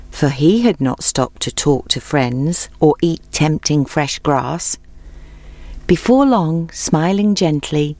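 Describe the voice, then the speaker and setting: Low-voiced woman reading a storybook. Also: a little mellow, no room sound. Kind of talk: storybook read-aloud.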